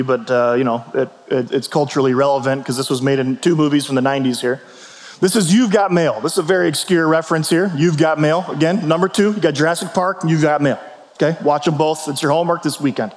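A man preaching a sermon in a conversational way, often asking rhetorical questions and restarting his phrases. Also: fairly high pitch. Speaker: pastor. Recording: long hall reverb.

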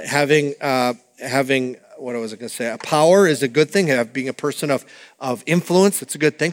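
Guy preaching a sermon, high lively voice, big hall echo. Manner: animated, conversational preaching with asides. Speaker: pastor.

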